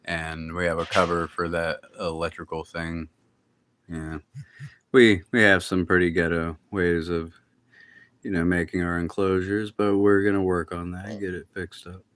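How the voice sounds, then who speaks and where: Rambling low-voiced man chatting outdoors. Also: little pitch movement, moderate pace, a bit bright. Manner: rambling, chatty, talks to his pets. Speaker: livestream host. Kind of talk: casual livestream chat. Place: backyard outdoors at night. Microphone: phone.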